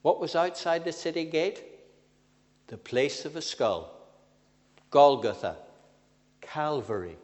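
An older man preaching a sermon, swinging from loud emphatic phrases to quiet asides. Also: on the high side. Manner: lively with sudden rises and drops, slow emphatic phrasing. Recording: long reverb of a church hall.

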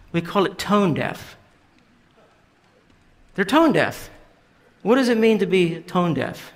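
Gravelly man preaching in a reverberant hall. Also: fairly high pitch. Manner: conversational preaching, paraphrasing scripture with fillers and restarts. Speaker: pastor. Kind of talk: sermon. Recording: long reverb of a large hall.

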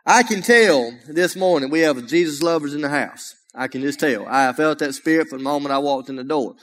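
With a slightly high voice and a fairly quick delivery, a Southern-accented guest preacher from Alabama offers a humorous, folksy sermon, often raising his voice. Long reverb from the church sanctuary trails his words.

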